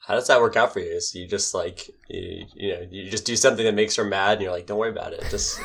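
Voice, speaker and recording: A young man with a low voice talks loosely on a podcast. He rambles, hedges, and teases his friend. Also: fairly even intonation, fast talker, gravelly, a bit bright, husky. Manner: rambling, lots of "like" fillers, teasing. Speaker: podcast co-host. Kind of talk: casual chat.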